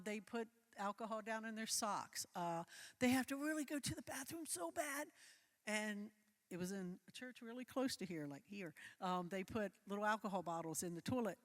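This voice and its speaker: A woman's voice: mid-range voice, in a large hall. Chatty woman leading a volunteer training. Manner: conversational, checks in with listeners; loose, filler-heavy phrasing. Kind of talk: live training talk with slides.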